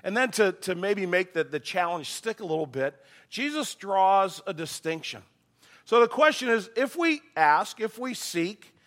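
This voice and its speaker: A middle-aged man preaching a sermon, his voice a bit strained, animated and acting out quoted voices. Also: high-pitched. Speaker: pastor.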